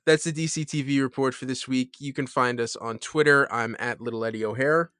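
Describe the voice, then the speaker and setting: Bright-toned podcast co-host, a man. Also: medium pitch, steady tone, fairly quick, smooth, no echo, studio quality. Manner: hesitant, full of restarts and ums. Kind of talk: casual podcast chat.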